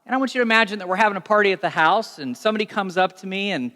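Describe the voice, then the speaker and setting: A young adult man preaching a sermon as pastor, telling stories in a conversational, animated way. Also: sits high, very fast. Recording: long reverb of a large hall.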